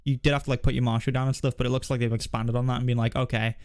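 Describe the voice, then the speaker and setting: A man chats casually about strategy games on a podcast. His voice is smooth and clear, mid in pitch, and sounds dry and close. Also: rapid-fire, no echo. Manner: relaxed, chatty, with frequent fillers. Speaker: podcast co-host. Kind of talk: casual gaming chat.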